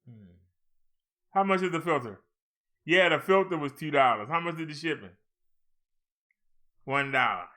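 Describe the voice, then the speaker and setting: Man, casual live chat, grumbling at the screen, talking to viewers, bright, higher voice. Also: animated, moderate pace, long pauses. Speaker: channel host. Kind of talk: casual live chat while shopping online.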